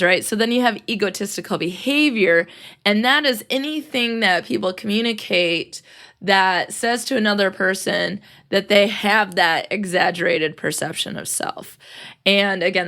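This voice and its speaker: A woman's voice: mid-range voice, vocal fry, a bit bright. A young adult woman hosting a casual podcast chat, talking freely, laughing often and acting out what people say. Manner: chatty, laughs often, acts out quotes. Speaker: podcast host and teacher.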